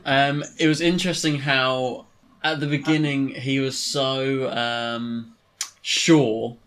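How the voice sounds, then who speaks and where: A man's voice: medium pitch, level tone, slow, fairly bright tone. A man co-hosting a podcast, chatting casually and searching for words with many fillers. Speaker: podcast co-host. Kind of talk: casual chat.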